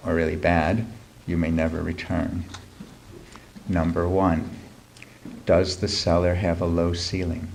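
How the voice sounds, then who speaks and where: Low-voiced, wry middle-aged man reading. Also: warm tone, slight background noise. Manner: dry, wry, with many ums. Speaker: writer reading his piece. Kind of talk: humorous live reading. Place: live reading event before an audience.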